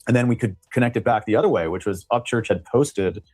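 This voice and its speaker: A man's voice: fairly low pitch, fast talker, darkish tone, no echo. A man, an attorney, explaining a case in a long-winded interview conversation. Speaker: attorney guest.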